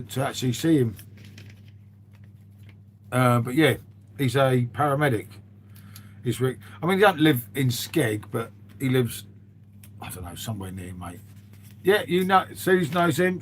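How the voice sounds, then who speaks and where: A man's voice: mid-range voice, a little hiss or hum. A man hosting a live stream, chatting casually to viewers and rambling from one thing to the next. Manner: rambling, calls everyone "mate". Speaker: livestream host.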